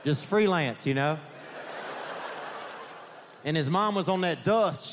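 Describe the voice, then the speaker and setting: A man working through a stand-up set at a live comedy venue. He talks in a rambling way, with deadpan asides and frequent restarts. His voice sits a little on the high side for a man, and a faint hum of ambience hangs behind him. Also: a little slow.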